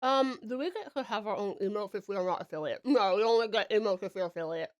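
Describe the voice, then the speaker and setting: A woman's voice: mid-range voice, fast. A young woman from Australia chatting casually with her live-stream viewers while she works, giggling often. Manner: chatty, giggly, talks to chat while working.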